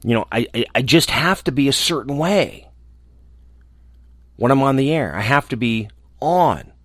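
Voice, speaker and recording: A man who hosts a show, talking alone in a small room in a reflective, earnest way, often restarting and trailing off softly. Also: medium pitch, animated, no echo, clean studio sound. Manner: earnest, halting, with restarts and soft trailing endings. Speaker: radio host. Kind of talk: reflective casual monologue.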